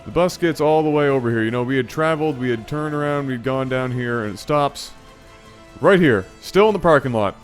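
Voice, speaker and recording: Animated man telling a story. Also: mid-range voice, a little fast, faint music behind. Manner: animated, playful, lots of self-corrections. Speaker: channel host. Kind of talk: storytelling vlog.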